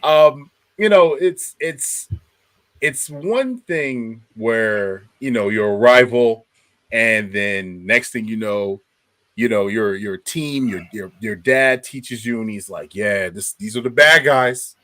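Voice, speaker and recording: A man's voice: lowish voice, takes it slowly, dry recording. A man from South Jersey co-hosting a casual sports podcast, telling stories with lots of repeated words and laughter. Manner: animated storyteller, repeats words, laughs often. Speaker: podcast co-host.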